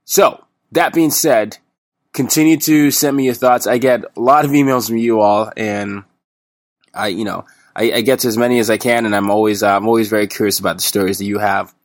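A man's voice: on the low side, steady tone, a little fast, no room sound, clean studio sound. A man hosting his podcast, talking casually and rambling a little with fillers. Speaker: podcast host.

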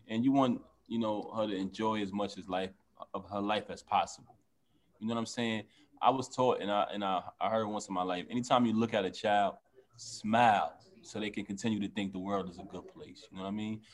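A man, a father and interview guest, speaking in a relaxed, earnest way with many casual fillers. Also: lowish voice, fairly quick. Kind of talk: casual chat.

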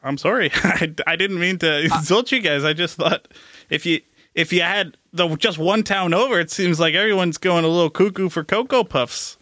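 A man's voice: sits high, normal speed, bright, forceful tone, dry recording, studio quality. An actor playing an evasive, apologetic hockey man visiting a small southern town, in an improv comedy podcast. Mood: sheepish. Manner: hesitant, chuckling, apologetic. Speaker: guest.

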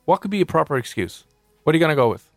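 A quick, lively man co-hosting a radio show, his voice leaping all over the place as he teases and ribs his partner. The sound is close and dry, with faint music underneath. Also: fairly high pitch, no room sound. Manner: teasing, animated, puts on silly voices for quotes. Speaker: radio co-host. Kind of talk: casual radio banter.

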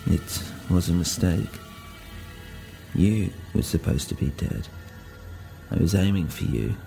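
A man's voice: low voice, expressive, slow, creaky, dark tone, faint music behind, heavily acted. A man voicing a cold, menacing young German woman who speaks in clipped, broken English. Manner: stern, clipped commands.

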